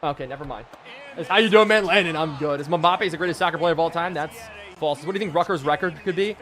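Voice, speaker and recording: A hoarse man in his twenties from Pennsylvania, giving hyped live game-stream commentary and chatting with viewers. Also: a little high, fast, a bit bright. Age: 20s.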